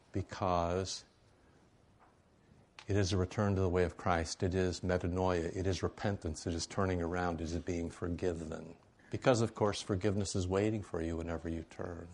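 A man's voice: lowish voice, darkish tone. A middle-aged man preaching a sermon to a congregation in an easygoing, conversational way, often checking in with "right?".

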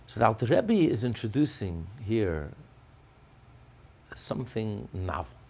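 A man's voice: lowish voice, very animated, unhurried, gravelly, dark tone, husky. A man explaining a religious text in a class, emphatic, often repeating and restarting his phrases. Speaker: religious teacher.

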